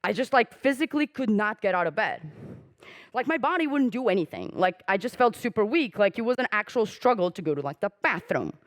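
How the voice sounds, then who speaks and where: A woman's voice: medium pitch, expressive, brisk. A woman giving a casual conference talk, chatty and self-mocking, with frequent "like" fillers. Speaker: conference speaker. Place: conference hall.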